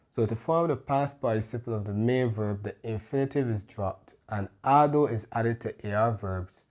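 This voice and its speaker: A man teaching a grammar lesson, explaining patiently and pausing often with soft "mm-hmm" fillers. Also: on the low side. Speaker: Spanish tutor.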